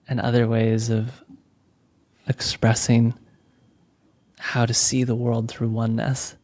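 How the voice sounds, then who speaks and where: A man hosting a spiritual podcast, chatting casually and reading aloud from his book in a gentle, playful way. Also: medium pitch, no room sound. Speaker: podcast host.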